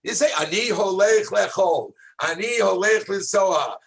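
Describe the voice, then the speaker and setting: A man, a rabbi, teaching a high school class in an animated, exclamatory way, calling on students by name and shouting at times for emphasis. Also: unhurried, gravelly, slightly rough. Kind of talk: lively classroom lesson.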